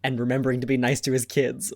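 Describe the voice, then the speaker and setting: A man co-hosts a casual movie review podcast with a sarcastic edge, laughing between his jokes. His voice sits at a middle pitch. The recording is dry and close. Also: completely flat delivery, fast, no echo. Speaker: podcast co-host.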